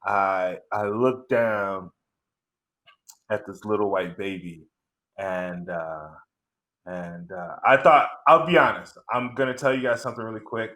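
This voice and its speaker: A middle-aged man telling a stand-up story, rambling and halting with many fillers and restarts. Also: on the low side, steady tone, bright, forceful tone. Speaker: stand-up comedian.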